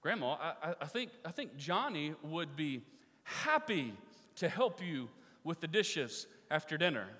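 A man's voice: on the high side, sing-song, unhurried, pushed and bright, long reverb tail, full character voice. A man voicing a sly little girl who sweetly pushes her chores onto her brother, in a teasing sing-song.

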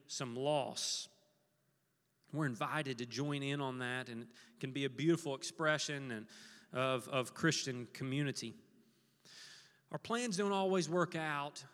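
A man's voice: a little high, fairly bright tone, long reverb tail. A man preaching an earnest sermon as pastor, leading his congregation to repeat a verse with him. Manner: earnest, leads congregation in call-and-response.

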